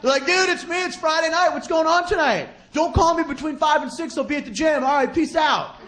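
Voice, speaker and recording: A man doing stand-up comedy, animated, mimicking friends in quick high voices. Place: club stage before a laughing audience. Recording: roomy live club recording with crowd.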